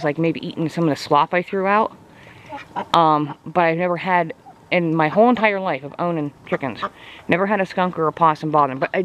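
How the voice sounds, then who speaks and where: Brief: man with a slightly high voice, a rambling, chatty farm vlogger recorded outdoors, with faint animals and outdoor noise behind him. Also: a bit bright. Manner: rambling and chatty, many fillers. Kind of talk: casual walk-around vlog. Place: outdoors on a farm in cold weather.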